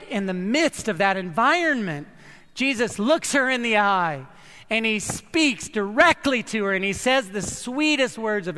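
A man preaching a sermon, earnest and emphatic, with slow dramatic pauses. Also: high-pitched, lively intonation, pushed and bright, in a large hall. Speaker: pastor.

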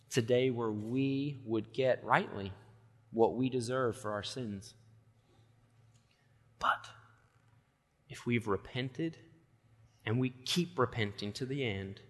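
A man preaching a sermon, earnest, with quick asides and slow emphatic lines. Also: mid-range voice, in a large hall. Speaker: pastor.

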